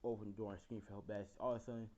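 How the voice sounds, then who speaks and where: A man's voice: on the low side, little pitch movement, racing, darkish tone, lo-fi sound. A young man casually improvising a fan story, rambling with lots of fillers and the odd swear.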